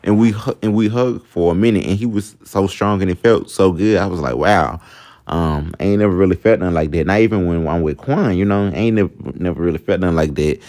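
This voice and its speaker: A man's voice: deep voice, quick pace, few pauses, mellow. A young man telling a personal story in a chatty storytime vlog, talking straight to his viewers. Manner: chatty, addresses viewers as y'all, laughs at himself. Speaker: vlogger.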